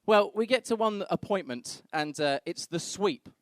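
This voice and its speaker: With lively intonation and a moderate pace, this young man's high voice carries a brash, crude comedy club story where he performs other people's voices. The studio-quality recording has no echo.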